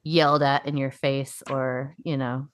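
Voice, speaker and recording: With a rumbling low voice, level and unhurried, this upstate New York woman co-hosts a podcast, keeping the chat loose with lots of fillers and plenty of cursing.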